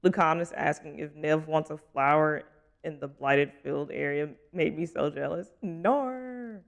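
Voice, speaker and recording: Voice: mid-range voice, measured pace, gravelly. A young adult streamer in casual live stream chat while gaming, giggly, chatty and playfully teasing.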